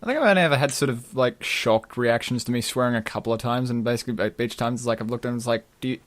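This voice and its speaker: A man chatting on a podcast in a quick, offhand way. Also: medium pitch. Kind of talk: casual podcast chat.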